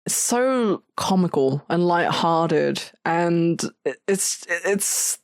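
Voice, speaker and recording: A woman's voice: fairly low pitch, expressive, extremely slow, no echo, clean studio sound. A woman co-hosting a podcast, speaking in an enthusiastic, hesitant way with many fillers. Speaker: podcast co-host. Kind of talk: casual film-recap chat.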